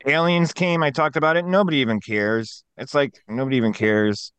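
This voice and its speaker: A man on a podcast grumbling in a deadpan, gloomy way. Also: mid-range voice, fairly quick, clean tone, dry recording. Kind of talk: casual chat.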